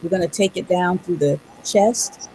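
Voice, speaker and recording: A woman's voice: fairly low pitch, moderate pace, warm tone, slight background noise, rough recording. A woman co-leading a voice workshop, directing participants by name as she guides them through a vocal exercise. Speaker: voice workshop co-leader.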